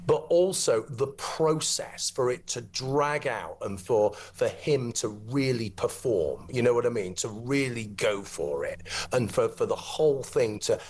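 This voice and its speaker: A man's voice: mid-range voice, lively intonation, unhurried, darkish tone. A male co-host on a TV talk show giving indignant, emphatic opinion commentary. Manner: emphatic, indignant, repetitive for stress. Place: TV studio.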